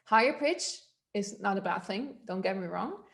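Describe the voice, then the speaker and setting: A woman's voice: mid-range voice, lively intonation, normal speed, creaky, fairly bright tone. A woman voice coach giving a workshop, explaining techniques in a loose, conversational way and demonstrating them aloud. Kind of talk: workshop instruction.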